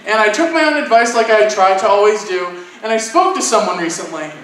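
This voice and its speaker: A stand-up comedian with a high-pitched voice tells a story fairly quickly at a convention panel, animatedly acting out the voices of the people in it. The sound is echoey and picked up from far away in the room.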